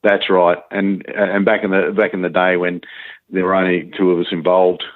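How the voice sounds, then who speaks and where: A male guitarist chatting in an interview, halting, with many restarts and fillers. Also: sits low, level tone, no room sound. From Australia. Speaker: guitarist guest. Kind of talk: casual interview chat. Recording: tinny phone-like line.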